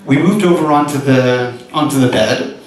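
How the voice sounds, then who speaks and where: A rabbi gives a lecture, animatedly telling a personal story to an audience and laughing frequently. His voice is medium-pitched at a normal speed. The mic is far off in an echoey hall, with faint noise.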